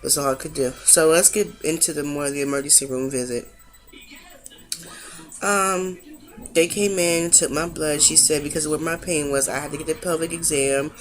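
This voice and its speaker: A woman's voice: low-pitched, fairly even intonation, normal speed. A young woman chatting to camera about a long emergency room visit, tired from sleeping all day, retelling events and acting out what people said, with features. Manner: chatty, recounting events with reenacted quotes; emotional, fighting back tears at times. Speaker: vlogger. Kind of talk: casual storytelling vlog.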